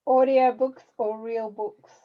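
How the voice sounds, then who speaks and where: A female interview host, encouraging and upbeat, asking quick questions over a video call. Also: on the high side, flat delivery, dull audio. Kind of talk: interview, rapid-fire questions.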